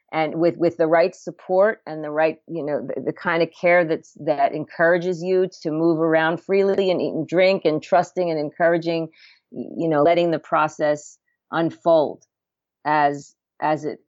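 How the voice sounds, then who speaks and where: Her voice is low and darkish with no echo: a middle-aged woman who works as a home birth midwife, talking earnestly in a podcast interview. She often restarts what she's saying and laughs along the way, captured in a dull, dry lo-fi recording.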